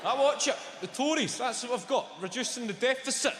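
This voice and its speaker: A man's voice: very high voice, fairly quick, very noisy. Glaswegian man doing stand-up in a hall. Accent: Glaswegian Scottish. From Scotland. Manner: sweary, conversational crowd work with animated bursts. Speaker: stand-up comedian. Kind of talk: stand-up comedy set. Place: large theatre stage with audience. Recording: echoey live hall with loud audience.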